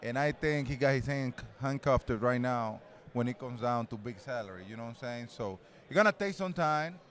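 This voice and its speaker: A man in his forties speaks English with a Spanish accent, chatting loosely as an interview guest outdoors at an event. He rambles, restarts his sentences and laughs easily, at an ordinary pitch. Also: expressive, moderate pace, fairly bright tone. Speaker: interview guest, retired baseball player. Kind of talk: casual interview.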